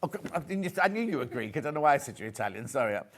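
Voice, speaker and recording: A British man presents a live shopping channel show from a studio, selling fabrics and reading out viewer messages. His mid-range voice is sing-song and races along as he chats and jokes.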